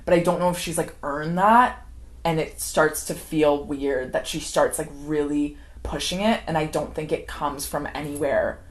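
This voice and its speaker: A woman's voice: deep voice, fairly even intonation, moderate pace. A young adult woman giving an unscripted, chatty movie recap, full of "like" and laughter. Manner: chatty, heavy use of "like", acts out quoted characters, laughs often. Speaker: film commentary vlogger.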